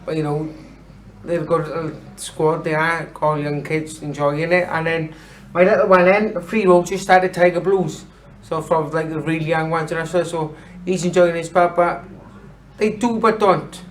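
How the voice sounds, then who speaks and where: A man in his thirties, a boxer chatting casually as an interview guest, blunt and sweary and quick to laugh. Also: on the high side, steady tone, a little hiss or hum, poor audio. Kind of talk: casual chat.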